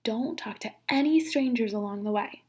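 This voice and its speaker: A woman reading as a gentle mother. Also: on the high side, moderate pace, breathy edge. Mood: caring. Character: caring young mother.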